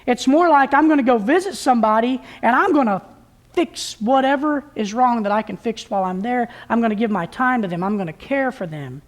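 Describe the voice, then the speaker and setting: Woman preacher, somewhat high voice, talks to the congregation in a relaxed, homespun way and restarts her phrases often. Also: brisk. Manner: plain-spoken, folksy, with frequent restarts. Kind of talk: conversational sermon. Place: church service.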